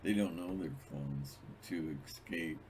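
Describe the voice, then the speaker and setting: A man's voice: sits low, unhurried, darkish tone, slight background noise. A man hosting his own channel, talking in a rambling, digressive monologue with many restarts. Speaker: channel host.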